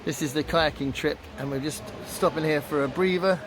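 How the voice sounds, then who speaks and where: A man's voice: a little high, a little fast, crowd noise. A man vlogging while out sightseeing, chatty and rambling with many fillers, talking to a handheld camera. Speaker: travel vlogger. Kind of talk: casual vlog narration to camera. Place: outdoors, sightseeing on foot and by water. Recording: outdoor noise behind voice.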